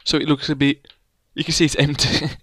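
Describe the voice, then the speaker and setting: A man's voice: on the high side, flat delivery, a little fast, fairly bright tone, husky, no room sound. A man, casually chatting and teasing a friend while playing a building game. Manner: rambling, playful, teasing his co-player. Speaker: let's play gamer. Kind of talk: casual gameplay commentary.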